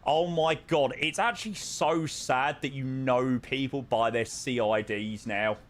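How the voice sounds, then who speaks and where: A man's voice: mid-range voice, measured pace. A young man streaming a flight sim, chatting casually and joking with viewers. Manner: chatty and joking, sings along to music. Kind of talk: casual chat.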